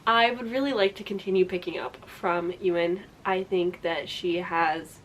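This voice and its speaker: A woman's voice: on the low side, fairly even intonation, moderate pace, fairly bright tone, slight background noise. A young adult woman chatting casually to camera as a book vlogger, rambling, restarting and laughing as she goes. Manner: chatty, self-interrupting, frequent laughs.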